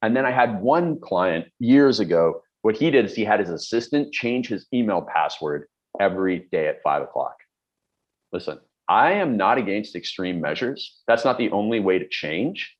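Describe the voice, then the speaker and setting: A man's voice: lowish voice, expressive, normal speed, dull audio. A middle-aged man coaching on productivity, talking bluntly and emphatically with everyday examples. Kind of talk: direct-to-camera advice talk.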